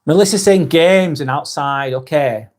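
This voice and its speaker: A man's voice: on the high side, unhurried, a little mellow. Blunt Lancashire man chatting live. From northwest England. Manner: blunt and candid, swears freely, reads out viewer chat. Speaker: live stream host. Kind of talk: casual live-stream chat.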